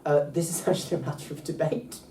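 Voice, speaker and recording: Mellow-voiced man teaching, roomy distant sound. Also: on the high side, fairly even intonation, fast. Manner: enthusiastic, many ums and restarts. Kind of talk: casual language lesson. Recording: roomy, distant mic, faint background noise.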